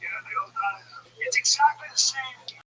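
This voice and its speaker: A man's voice: very high voice, sing-song, moderate pace, pushed and bright, recorded from a distance, low-quality recording. A man hosting a livestream, chatting casually in a rambling, profane way with lots of stammered restarts. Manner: rambling, profane, repeats himself. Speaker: livestream host.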